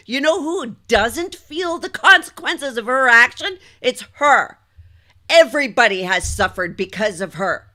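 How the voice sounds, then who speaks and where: A woman's voice: high-pitched, unhurried, bright, forceful tone. A woman giving livestream commentary on a court trial, ranting indignantly and sometimes restarting her sentences.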